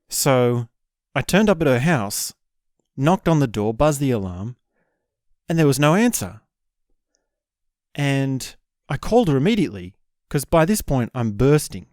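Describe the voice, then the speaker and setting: Smooth-voiced man telling a candid story. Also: medium pitch, animated, unhurried, long pauses, no room sound, studio quality. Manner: candid, self-deprecating storyteller. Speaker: podcast host. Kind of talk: storytelling monologue.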